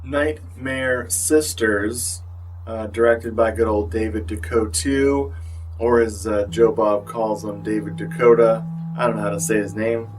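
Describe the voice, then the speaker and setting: Soft music plays behind a man whose lowish, slightly mellow voice stays flat at a normal speed. He's a tired, somewhat bloated movie vlogger who rambles wryly, pokes fun at himself, and fills his talk with fillers, his voice a little distant from the mic.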